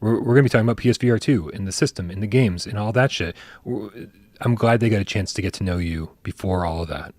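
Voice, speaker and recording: A man's voice: on the low side, quick pace, darkish tone, no room sound. A man hosting a casual live stream, chatty and joking as he reads out viewer tips. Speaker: podcast host.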